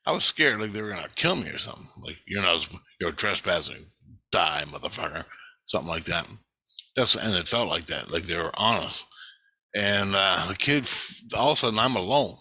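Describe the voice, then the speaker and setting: Animated and fairly quick, a man with a low, sharp voice rambles through a personal story about astral travel for his vlog. He swears heavily and keeps restarting sentences.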